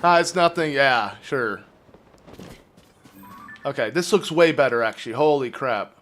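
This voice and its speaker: A man streaming a game live, chatting casually and rambling to his viewers while his phlegmy throat keeps needing clearing. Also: medium pitch, expressive, a little slow, a bit bright, faint music behind. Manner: rambling, chatty, talks to chat. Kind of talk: casual live gameplay commentary.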